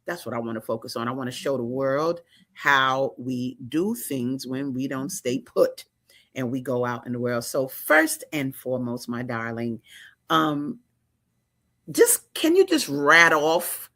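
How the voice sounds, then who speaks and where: A woman hosting an interview show, exuberant and slangy, talking in fast bursts. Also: extremely low pitch, sing-song, fairly bright tone. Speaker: talk show host. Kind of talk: lively interview chat.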